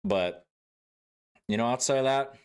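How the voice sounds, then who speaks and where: A man's voice: medium pitch, a little slow, clear, resonant tone. A man casually chatting with viewers during a gameplay livestream, swearing freely, laughing and greeting chat by name.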